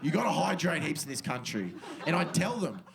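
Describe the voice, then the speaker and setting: A man's voice: on the high side, big pitch swings, a little fast, creaky, crowd noise. A young Australian man in his twenties doing a stand-up comedy set on a club stage, casual and slangy, with muttered asides into a handheld mic.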